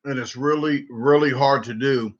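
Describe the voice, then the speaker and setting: A man's voice: mid-range voice, normal speed. A man with a Southern US accent telling a rambling story casually on a livestream, with many restarts. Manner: rambling, repeats and restarts, animated when quoting. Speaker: livestream host. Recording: dull lo-fi livestream audio.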